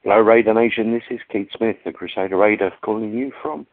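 A man leaving a measured, rallying voicemail. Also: on the low side. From London, England. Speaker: caller. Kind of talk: voicemail to a podcast. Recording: tinny phone line with clear noise.

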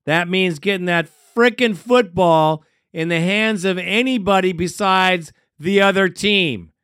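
A man's voice: high-pitched, pushed and bright, clear, resonant tone, no room sound, studio quality. A man hosting a sports fan call-in show, laid-back and chummy, calling callers bro and man. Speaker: radio show host.

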